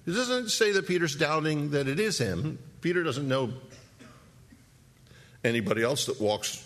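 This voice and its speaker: Animated male preacher telling a story. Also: a little high, normal speed. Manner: animated storytelling, acting out scenes with rhetorical questions. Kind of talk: sermon.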